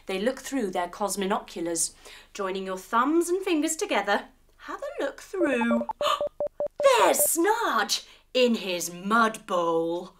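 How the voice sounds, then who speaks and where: A woman's voice: high-pitched, background noise. A woman teaching yoga to children through a playful story, full of sound effects and guiding instructions.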